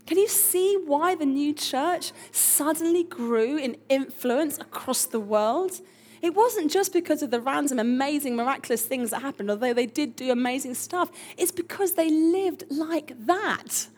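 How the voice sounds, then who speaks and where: A woman pastor preaching a lively, chatty sermon with emphatic asides. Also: sits high, moderate pace.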